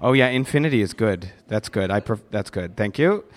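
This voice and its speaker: Brisk and lively in intonation, his voice sits on the low side. He's a Milwaukee, Wisconsin visitor playfully chatting with kids into a handheld microphone at an event, goofy and prone to stammering restarts.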